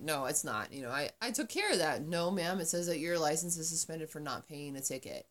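Low-voiced woman telling a story casually. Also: a little fast, hardly any pauses. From Arizona. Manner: profane, animated storytelling. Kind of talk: casual chat.

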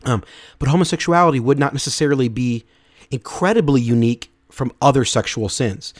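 A man's voice: medium pitch, fairly quick, dry recording, clean studio sound. A man hosting a podcast, giving an earnest, unscripted Bible teaching talk and often restarting and repeating words. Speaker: podcast host.

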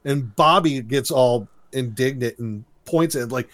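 A man's voice: mid-range voice, measured pace, fairly bright tone. A man chatting casually on a podcast, retelling a cartoon episode with laughs and silly quoted voices. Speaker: podcast co-host recapping a cartoon. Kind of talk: casual chat.

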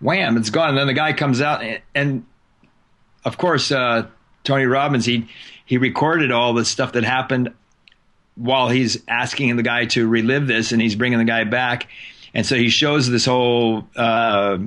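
A man chatting casually on a podcast, winding through a long anecdote at an easy, conversational pace. He sounds relaxed and talkative, drawing some words out as he goes. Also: medium pitch. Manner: storytelling, chatty, drawn-out words. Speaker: podcast host. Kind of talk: casual chat.

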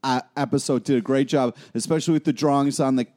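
A man's voice: mid-range voice, steady tone, quick pace, darkish tone. A man co-hosting a podcast in casual chat, enthusiastic and geeky. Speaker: podcast co-host.

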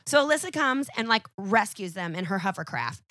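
A woman chatting as a podcast guest, telling a story in a profane, animated way and acting out each character. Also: mid-range voice, brisk, no echo, clean studio sound. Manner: animated, profane retelling that acts out every character. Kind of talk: casual podcast chat.

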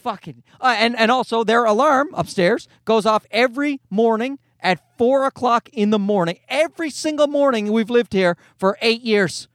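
A man's voice: very high-pitched, moderate pace, hardly any pauses, a bit bright, no room sound, studio quality. A man in his thirties hosting a podcast, ranting in a casual comedic way, exasperated and profane, rambling with restarts. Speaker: podcast host.

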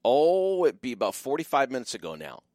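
Fervent, animated male radio pastor. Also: medium pitch, a little fast, no echo, clean studio sound. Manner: fervent, emphatic, with restarts. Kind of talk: call-in radio talk and preaching.

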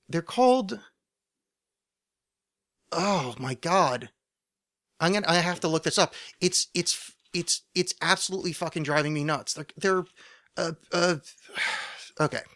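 Bright-voiced rambling man, podcast host. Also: fairly high pitch, clear, resonant tone. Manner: rambling, swears a lot, many fillers and restarts. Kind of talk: solo rambling monologue.

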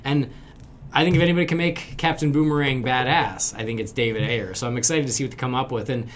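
A man's voice: medium pitch, fast talker, slight background noise. A man co-hosting a podcast, casually running through news with an upbeat, wry manner. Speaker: podcast co-host. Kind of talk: casual chat.

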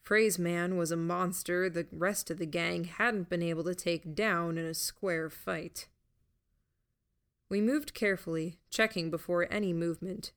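A woman reads a first-person audiobook in a slow, unhurried way. Her voice sits slightly low, and her storytelling stays steady and even throughout. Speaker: audiobook narrator.

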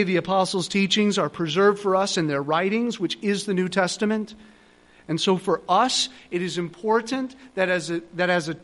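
A man's voice: high voice, fairly bright tone. A middle-aged male pastor giving a sermon, earnest and pleading, building to emphatic repeated phrases.

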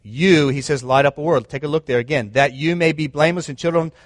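A man's voice: on the high side, fast talker, no echo. A man preaching a sermon in an earnest, emphatic way, often restating his points. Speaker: pastor.

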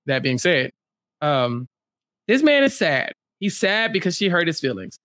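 A co-host in a casual TV recap chat, blunt and exasperated, dropping low for emphasis. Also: very animated, unhurried, fairly bright tone, no echo. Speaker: podcast co-host.

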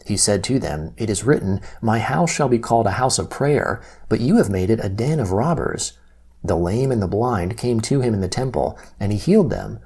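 Low mellow guy reading bible passages, calm and even. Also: breathy edge. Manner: measured, even reading with quoted lines lifted slightly. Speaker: Bible reader. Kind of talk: steady scripture reading.

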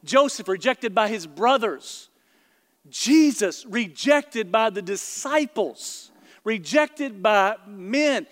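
A man with a high, bright-pitched voice preaches to a packed church. Long reverb trails each phrase through the big hall, and he tells stories with lively asides to the crowd. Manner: animated storytelling, quick asides to the congregation. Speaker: pastor. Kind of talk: sermon. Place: large church auditorium before a congregation.

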